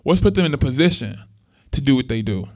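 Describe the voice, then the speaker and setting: A young man, a minister and activist, talking to an audience in an animated way and acting out voices as he tells stories. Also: mid-range voice, quick pace. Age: young adult. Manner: animated storytelling, acts out voices in dialogue. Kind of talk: conversational talk to an audience. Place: event space at a market. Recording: dull lo-fi recording.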